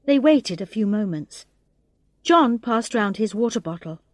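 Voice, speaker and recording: A woman reading a graded English storybook aloud in a slow, clear narration, voicing the characters' lines expressively. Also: a little high, animated, no echo. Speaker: audiobook reader.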